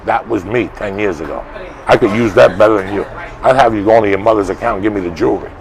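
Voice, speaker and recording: A man being interviewed outdoors, telling blunt, swearing stories that build to loud, animated bursts. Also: lowish voice, rapid-fire, vocal fry, low-quality recording. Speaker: interview guest. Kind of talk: profane storytelling in conversation. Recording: street crowd and traffic behind.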